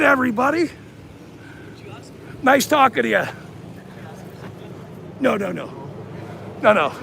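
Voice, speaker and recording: A man livestreaming outdoors in a parking lot on a handheld camera, taunting people, shouting insults and laughing often. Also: extremely high pitch, vocal fry, slight background noise. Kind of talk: livestream rant.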